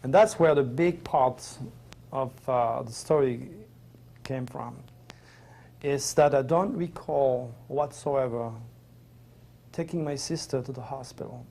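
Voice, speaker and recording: A man's voice: medium pitch, slow pace, vocal fry, pauses often, mellow. A middle-aged man with a French accent, a native French speaker, tells a personal story as an interview guest in an earnest, rambling, emotional way. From Provence, France.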